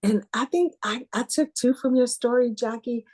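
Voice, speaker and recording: A woman hosting a spiritual conversation, telling personal stories with quick asides and laughing as she talks. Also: fairly high pitch. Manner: storytelling, warm-hearted, quick asides, laughs while talking. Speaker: host.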